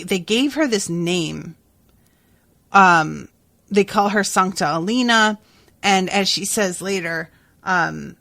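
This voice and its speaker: A woman's voice: lowish voice, vocal fry, bright, forceful tone, no room sound. A woman hosting a casual book-recap podcast, chatty with lots of fillers and reading passages aloud. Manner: chatty, with frequent "like" and "um" and hummed pauses. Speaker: podcast host.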